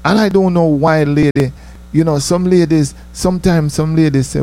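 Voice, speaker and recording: A man, telling stories in a casual, animated monologue that he breaks with laughs. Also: a little fast. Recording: low mains hum.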